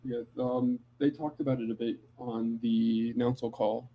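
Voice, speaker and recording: Low-key man on a dull lo-fi mic. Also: flat delivery, unhurried, slight background noise. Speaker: livestream co-host. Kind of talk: casual chat.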